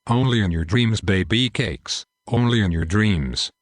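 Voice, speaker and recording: A man's voice: fairly low pitch, a little slow, dry recording, clean studio sound. A man voicing a cheeky, joking young male soldier in a war story. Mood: teasing. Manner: joking, teasing.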